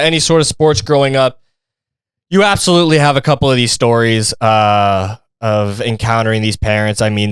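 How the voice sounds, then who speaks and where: A man's voice: medium pitch, clean tone, dry recording, clean studio sound. A man hosting a podcast, reacting to videos in a casual, profane and mocking rant. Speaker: podcast host.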